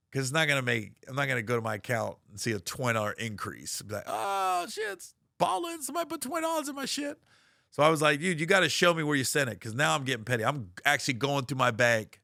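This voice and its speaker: Brief: middle-aged male comedian, bright dry voice, animated storytelling. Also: mid-range voice, no echo. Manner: animated, profane, acts out quoted voices.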